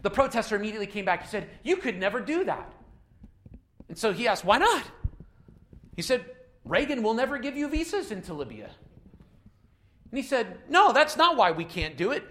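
A man preaching a sermon to his congregation, animated and emphatic, repeating key lines as refrains. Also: high-pitched, normal speed, long pauses. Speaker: pastor.

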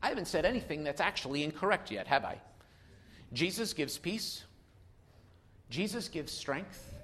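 A man preaching a sermon without notes, moving between quiet asides and loud emphatic calls. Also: fairly high pitch, lively intonation, normal speed. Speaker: pastor.

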